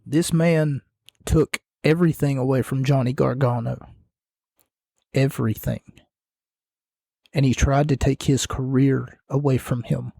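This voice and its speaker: A man's voice: mid-range voice, steady tone, measured pace, creaky, long pauses, dark tone, no echo, studio quality. A man hosting a podcast, giving casual wrestling commentary in a sarcastic, mocking rant. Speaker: podcast host.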